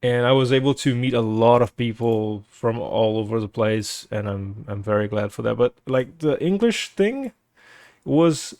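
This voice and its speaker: A man from Brazil talks to his live viewers in accented English learned as a second language. His speech is rambling and hesitant, full of restarts and filler words, set at a middling pitch for a man. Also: expressive, measured pace, darkish tone, no echo, clean studio sound. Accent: Brazilian Portuguese. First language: Portuguese. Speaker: streamer. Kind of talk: casual chat with stream viewers.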